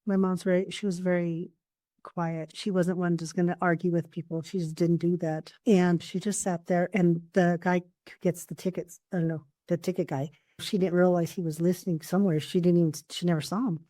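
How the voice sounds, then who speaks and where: Low mellow-voiced woman coach. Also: level tone, fairly quick, no echo. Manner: earnest storytelling, warm anecdotes. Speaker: coach and therapist. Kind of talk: casual podcast chat.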